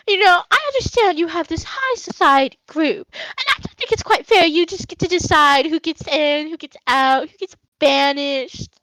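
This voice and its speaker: A woman voicing a flustered male wizard who pleads quickly in a higher voice. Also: pushed and bright, dry recording, full character voice, poor audio.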